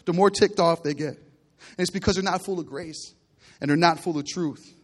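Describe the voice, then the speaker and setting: Animated preaching man, slightly high voice. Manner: animated storytelling preacher, acting out characters with big swings in loudness. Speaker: pastor. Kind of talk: sermon.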